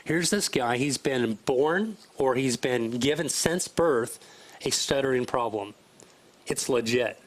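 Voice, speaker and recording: A man co-hosting a faith talk show in earnest, fast bursts, repeating his points. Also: medium pitch, animated, poor audio. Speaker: co-host. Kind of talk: casual talk show chat, preachy.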